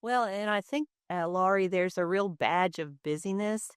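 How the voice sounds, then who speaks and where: A woman's voice: mid-range voice, normal speed, clear, resonant tone, dry recording, studio quality. A middle-aged woman, a dentist, hosting a podcast interview in a conversational, emphatic way.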